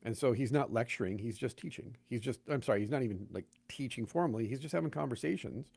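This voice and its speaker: A man's voice: mid-range voice, fast talker, creaky, breathy edge, no room sound. A man, a pastor, talking casually in a podcast conversation, telling stories and acting out the voices of the people he quotes. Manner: animated storyteller, acts out quoted voices.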